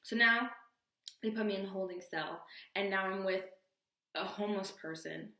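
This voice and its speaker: A young adult woman telling a storytime vlog with expressive, animated delivery and acted-out quotes. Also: medium pitch, normal speed, roomy sound. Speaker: vlogger.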